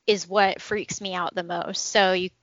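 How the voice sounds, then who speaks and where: A woman's voice: on the low side, flat delivery, a little slow, fairly bright tone, dry recording, lo-fi sound. A woman in casual conversation, asking curious questions. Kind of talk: casual podcast chat.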